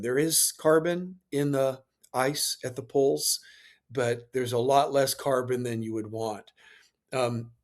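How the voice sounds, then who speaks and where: A man answering as an interview guest, explaining step by step in a lecturing way with fillers and restarts. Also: medium pitch. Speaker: space industry guest.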